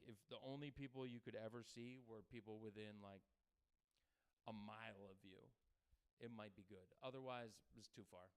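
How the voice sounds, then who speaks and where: A man performing a crude stand-up comedy set, talking loosely and breaking into loud mock voices. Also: mid-range voice, clear, resonant tone. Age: adult with a daughter.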